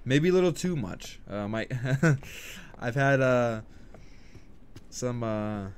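Hyped male gamer with a lively voice. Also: medium pitch, takes it slowly, slight background noise. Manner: hyped and talkative, rallying viewers, goofing around. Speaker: gaming streamer. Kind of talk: casual gaming commentary.

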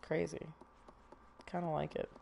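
A woman's voice: deep voice, little pitch movement, measured pace, gravelly, dark tone. A young woman streaming a horror game with jumpy, nervous commentary, swearing often and laughing through her fear, a little sniffly from a recent cold. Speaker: gaming streamer.

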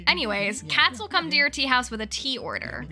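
A woman's voice: high voice, expressive, fairly quick, sharp tone, faint music behind, heavily acted. A woman reading game dialogue aloud, voicing a theatrical, genteel male cat who guides a tea house.

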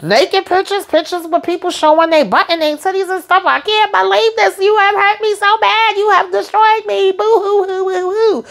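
A woman's voice: extremely high pitch, steady tone, moderate pace, vocal fry, few pauses, a bit bright, pitched above the performer's own voice, full character voice. A woman putting on the voice of a sobbing, melodramatic young woman who wails that she has been hurt. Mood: whiny sobbing. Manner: wailing, overwrought mock crying.

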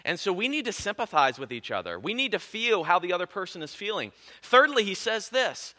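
A male pastor preaching a sermon in a lively, conversational way, with self-deprecating jokes. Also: sits high, fairly quick, few pauses.

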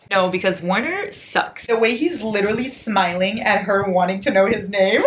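A woman's voice: medium pitch, unhurried, long pauses, fairly bright tone, slight background noise. A young woman in her twenties from the United States, chatting casually in a reading vlog with giddy, dramatic reactions and lots of laughter. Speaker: book vlogger.

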